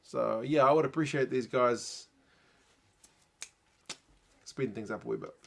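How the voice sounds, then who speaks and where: A man's voice: medium pitch, unhurried, vocal fry, a little hiss or hum. Laid-back New Zealand man chatting with viewers. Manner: relaxed, muttered asides and chatty replies to viewers. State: tired, late at night. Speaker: live-stream host. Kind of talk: casual live reaction stream, reading chat.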